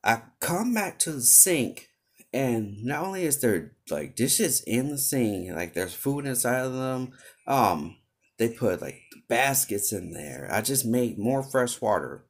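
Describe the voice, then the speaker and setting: A man's voice: mid-range voice, sing-song, unhurried. A young man venting about his job in a loose, rambling storytime style. His voice rises and falls a great deal as he grows exasperated, and he trips over filler words as he goes. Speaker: vlogger. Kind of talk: casual storytime rant.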